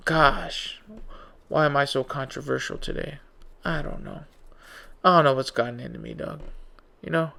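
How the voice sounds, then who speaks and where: Man, solo podcast host, tired and yawning, rambling slangy monologue, slightly high voice with vocal fry. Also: a bit bright.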